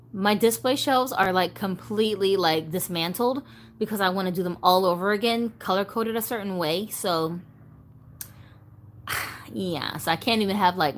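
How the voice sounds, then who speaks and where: A woman hosting a casual doll-collector livestream, chatting in a rambling, easygoing way and reading viewer comments aloud. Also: mid-range voice.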